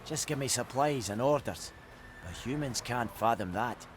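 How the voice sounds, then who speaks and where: An actor playing a bitter, sarcastic old dwarf blacksmith in a game, with a Scottish accent and a swearing manner. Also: male voice, mid-range voice, animated, moderate pace, slight background noise, lightly acted.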